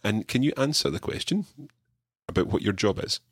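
A man teaching a podcast language lesson, drilling his learner with clear repeated phrases. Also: on the low side, lively intonation, fairly quick, a bit bright, dry recording, studio quality.

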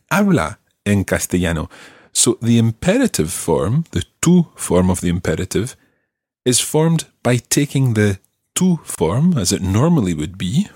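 A man hosting a language-learning podcast, explaining grammar patiently and clearly. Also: lowish voice, dry recording, studio quality. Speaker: language teacher and podcast host.

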